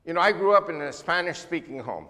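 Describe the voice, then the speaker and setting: An older man from the United States giving an emphatic, animated church talk as a guest speaker. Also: on the high side, fast, big-room sound. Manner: emphatic, animated lecturing with sweeping lists. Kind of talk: church talk on world politics.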